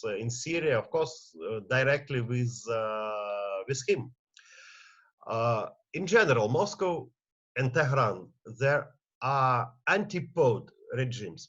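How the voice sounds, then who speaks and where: This is a man with a Russian accent speaking at mid pitch, giving panel remarks over a video call. He is halting and full of pauses and fillers. The sound is dull and lo-fi. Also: fairly bright tone.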